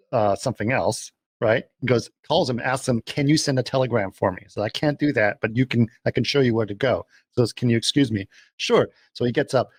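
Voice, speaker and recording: A man's voice: medium pitch, husky, dry recording. A man co-hosting a podcast, retelling a film plot in a rambling way with many restarts. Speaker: podcast co-host. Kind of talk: casual chat.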